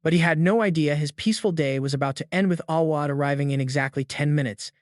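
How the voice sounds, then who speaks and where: A man's voice: a little high, dry recording, studio quality. Man narrating a dramatic recap. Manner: brisk, dramatic storytelling. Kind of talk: scripted story narration.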